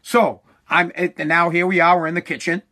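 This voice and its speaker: A man's voice: a little high, flat delivery, normal speed, bright, forceful tone. A middle-aged father ranting in a casual comic way, exasperated and profane, often repeating himself. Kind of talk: casual comedic rant.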